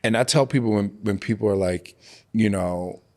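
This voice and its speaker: A man in his forties, a guest in an interview, talking openly and emotionally, slowing down and growing quiet on painful memories, with many casual fillers. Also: fairly low pitch. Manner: emotional, open, slows on heavy moments. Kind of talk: candid interview conversation.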